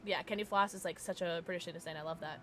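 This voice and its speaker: A woman's voice: on the low side, fairly even intonation, racing, fairly bright tone, a little hiss or hum. A young woman streaming a game, chatty and giggly, chatting with her viewers and sometimes trying on silly accents. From Southern US. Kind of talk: live gameplay commentary.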